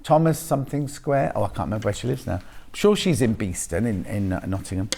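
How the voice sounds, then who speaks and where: A man's voice: on the low side, sing-song, a little fast, gravelly, a little mellow. A man presenting live on a shopping channel, chatting and joking in rambling asides while selling fabric in a TV studio.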